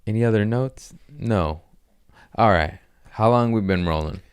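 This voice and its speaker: On a smooth, clean studio recording without room sound, a man in his thirties speaks at a measured pace in a voice on the low side. As host of a comedy podcast, he tells crude tales casually and profanely, acting out each voice as he goes.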